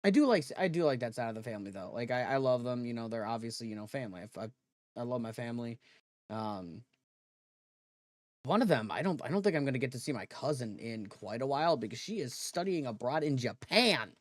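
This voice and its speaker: A man livestreaming in relaxed casual chat, rambling and correcting himself as he goes. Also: medium pitch, fairly quick, no echo, clean studio sound.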